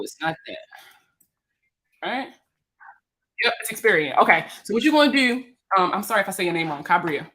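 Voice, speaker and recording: Joking around with her viewers, a Baltimore-accented credit repair consultant answers their questions during a casual livestream, animated and full of slang. Her voice sits at medium pitch, and the recording quality is low.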